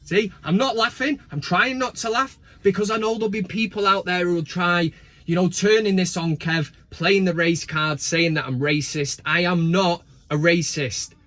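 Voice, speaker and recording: A man's voice: sits high, steady tone, normal speed, fairly bright tone. A man hosting a football fan show, chatting casually with cheeky, swearing banter. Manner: cheeky, profane banter with asides. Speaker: fan channel host.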